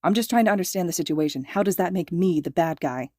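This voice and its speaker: Podfic: female reader doing a blunt young man pushing for the truth, low and dark. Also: quick pace, dry recording, clean studio sound, natural voice. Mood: frustrated. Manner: blunt and pressing. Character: frustrated, insistent young man demanding answers.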